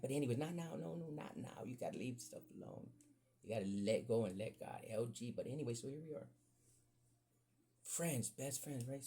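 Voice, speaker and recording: A man hosting a podcast, telling a profane, animated story in casual talk that jumps up high when he gets excited. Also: slightly rough. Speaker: podcast host.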